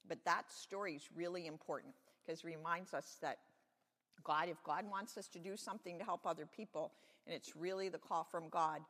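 A woman leading a children's sermon in church, telling a Bible story simply and warmly to kids. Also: sits low, in a large hall. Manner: friendly, explaining simply to children. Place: church sanctuary.

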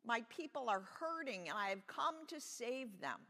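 A storyteller booming as God from a burning bush. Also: very animated, sharp tone, heavily acted. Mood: solemn. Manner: slow, emphatic pronouncements. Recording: echoey church sanctuary.

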